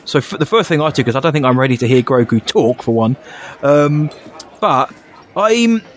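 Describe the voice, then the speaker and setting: Male co-host, casual rambling chat, mid voice, self-deprecating, quick to laugh. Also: mid-range voice, animated, a little hiss or hum. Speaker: podcast co-host.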